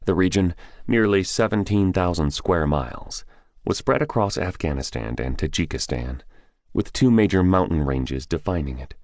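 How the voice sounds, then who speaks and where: A man reading a thriller audiobook in a measured, descriptive narration. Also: a bass voice, darkish tone, dry recording, clean studio sound. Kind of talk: scripted narration.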